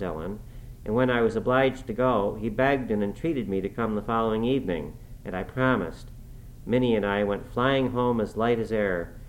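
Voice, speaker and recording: A man with a rather low voice narrates an old novel in the first person, steady and measured. A faint background noise runs under the reading. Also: low-quality recording. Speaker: audiobook reader.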